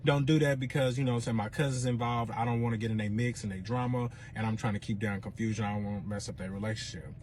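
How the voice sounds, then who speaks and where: A man voicing his hesitant, placating boyfriend in a low, hushed, stumbling way. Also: fairly even intonation, quick pace, few pauses, slight background noise, close to an everyday voice.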